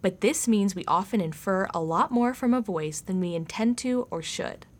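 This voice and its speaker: A woman co-hosting a science podcast, reading scripted narration in a measured, questioning way. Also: medium pitch, animated. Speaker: podcast co-host.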